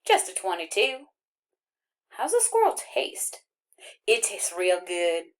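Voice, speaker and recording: A woman's voice: medium pitch, huge pitch swings. A woman reading an audiobook, voicing a friendly, boastful country boy from Arkansas with a folksy drawl. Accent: rural Arkansas. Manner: folksy drawl, jabbering fast and eager.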